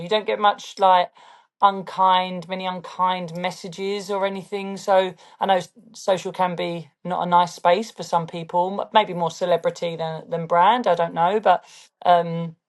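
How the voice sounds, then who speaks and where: Speaking at a normal pace with fairly even intonation, this London-born woman has a fairly low voice and a London accent. As a fashion brand founder guesting on an interview, she chats casually and keeps asking "do you know what I mean".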